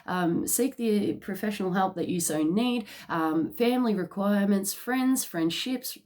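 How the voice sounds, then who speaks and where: A woman's voice: mid-range voice, measured pace, a little mellow. A woman giving a casual psychic card reading, chatty and full of "okay?" check-ins and fillers. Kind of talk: casual channelled reading to camera.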